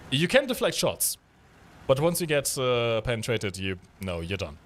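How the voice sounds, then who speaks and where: Chatty man with a lively voice. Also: mid-range voice, moderate pace. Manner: chatty, explains with many fillers. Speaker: game stream co-host. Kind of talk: casual gameplay commentary.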